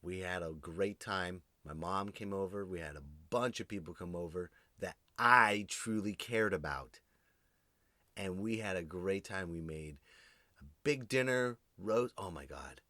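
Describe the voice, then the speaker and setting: Male podcast host, lowish voice, forceful and ranty, talks straight to his listeners, swears freely, dry close sound. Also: unhurried, no echo. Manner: animated, ranting, swears freely; addresses listeners directly. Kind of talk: comedic solo monologue.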